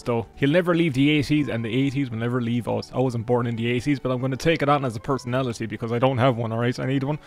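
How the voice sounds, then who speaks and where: A young Irish man from Cork giving sarcastic, rambling, jokey commentary over a life-sim game as a gaming YouTuber, swearing freely. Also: mid-range voice. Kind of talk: gameplay commentary.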